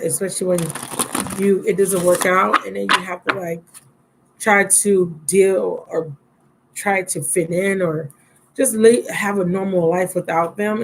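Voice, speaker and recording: A rough laptop-mic recording with slight hiss or hum captures a tarot reader at medium pitch. She's giving a relaxed live reading, chatty and affectionate with her audience and somewhat drowsy.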